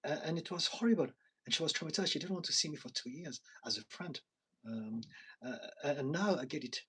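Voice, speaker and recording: A man's voice: on the high side, brisk, bright, forceful tone, slightly rough, rough recording. A man in his forties, a therapist and coach, talking earnestly and confessionally in a live chat with viewers. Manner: earnest, confessional, self-reflective.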